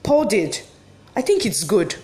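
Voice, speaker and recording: A woman's voice: medium pitch, very animated, unhurried, darkish tone. A woman acting a dramatic monologue as a heartbroken wife who refuses a divorce, swinging between giddy laughter and bitter sarcasm. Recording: echoey room.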